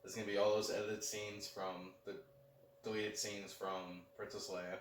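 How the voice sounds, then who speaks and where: Low-voiced young man, loose podcast talk. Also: level tone, moderate pace, a little hiss or hum. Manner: loose, heavy use of "like", confident predictions. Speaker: podcast co-host. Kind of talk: casual chat. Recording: roomy echo, mic at a distance, faint background.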